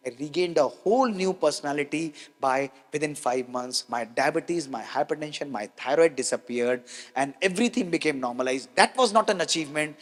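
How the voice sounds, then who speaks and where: A man gives a motivational health talk to an audience, emphatic and repeating key lines, with rhetorical questions. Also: a little high. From India. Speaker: doctor giving a health talk. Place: large hall with an audience. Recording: long hall reverb.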